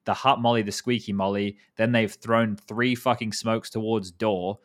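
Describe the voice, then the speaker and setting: A man's voice: lowish voice, fairly even intonation, normal speed. A man in his thirties hosting a casual esports chat, rambling, swearing casually and restarting his sentences. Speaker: podcast host.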